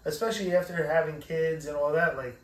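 A man in his forties talks in a slightly higher register, rambling and cursing as he tells emotional stories. He sits a little back from the mic in an echoey room. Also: fast, recorded from a distance. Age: 40s. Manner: profane, rambling, emotional storytelling. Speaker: podcast co-host. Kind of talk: casual chat.

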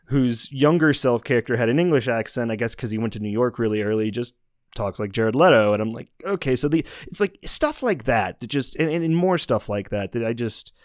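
A man's voice: mid-range voice, fairly quick, dry recording, studio quality. A man co-hosting a movie podcast, talking in a casual, rambling way with many restarts and asides. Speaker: podcast co-host reviewing movies. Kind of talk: casual chat.

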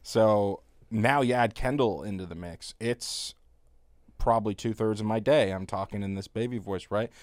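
A man in his thirties with a low voice tells stories in a casual podcast chat. He is animated and breaks into laughter often. The sound is dry and close, with no room around it. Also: moderate pace, dry recording. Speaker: podcast co-host.

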